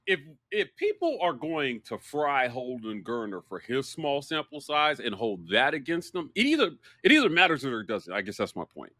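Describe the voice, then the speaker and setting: A man co-hosting a casual sports talk show, animated and excitable, quick to agree. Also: mid-range voice, no echo. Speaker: podcast co-host.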